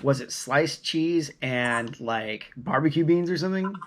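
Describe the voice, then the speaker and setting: A man's voice: on the high side, lively intonation, a little slow, fairly bright tone. A man co-hosting a casual podcast chat, easygoing and steering the talk. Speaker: podcast co-host.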